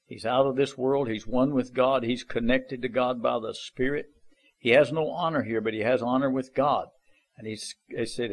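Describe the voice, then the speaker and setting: A man delivering a homespun sermon, pressing his points again and again with earnest urgency. His speech is plain and folksy, with loose grammar and steady exhortation, pitched in an ordinary middle register. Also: moderate pace. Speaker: preacher. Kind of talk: informal sermon.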